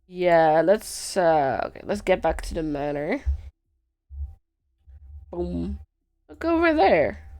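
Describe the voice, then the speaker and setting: Give me a sleepy, sick woman giving playful gameplay commentary with a lively voice. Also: on the low side, slow pace, pauses often. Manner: chatty, self-mocking, playful. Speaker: streamer.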